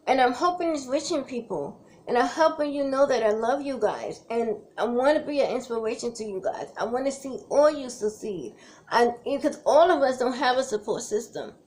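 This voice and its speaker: A woman speaks in an earnest, emotional vlog, her voice sitting somewhat high. She repeats herself as she encourages her viewers through hardship, close to tears at moments. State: tearful at times. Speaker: cancer survivor vlogger. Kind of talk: heartfelt direct-to-camera vlog.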